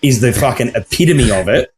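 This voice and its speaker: A mid-pitched Australian man rants through a story in casual podcast chat, swearing freely. He slips into the voices of the people he quotes. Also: animated, a little fast. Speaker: podcast co-host.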